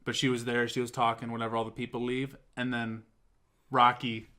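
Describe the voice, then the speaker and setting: Guy on a chat show getting all worked up retelling a movie, swearing, mid pitch. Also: fairly quick. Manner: excitable, swearing, animated storytelling. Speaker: talk show co-host. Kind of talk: casual chat.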